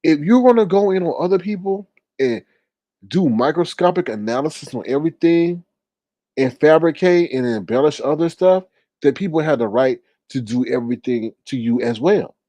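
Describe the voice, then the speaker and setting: A man's voice: fairly high pitch, animated, moderate pace, mellow, dry recording. Sighing, exasperated male livestream host. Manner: exasperated, sighing, talks straight to viewers. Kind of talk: casual ranting commentary.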